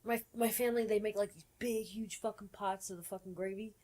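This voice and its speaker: A woman's voice: mid-range voice, steady tone, fairly quick, warm tone. A young woman from New Jersey telling a rambling, profanity-laced story as she co-hosts a casual podcast chat. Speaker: podcast co-host.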